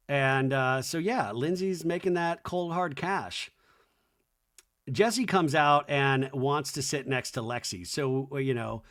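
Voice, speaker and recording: A man hosting a comedy podcast, recapping a reality show in a campy, sarcastic way and acting out the cast's lines. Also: mid-range voice. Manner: campy, sarcastic, voices cast members in quotes. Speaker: podcast host.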